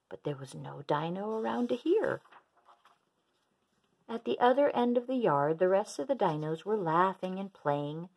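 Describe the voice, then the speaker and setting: A woman reading a children's rhyming picture book aloud in an expressive, sing-song way. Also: lowish voice, normal speed, gravelly. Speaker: storyteller.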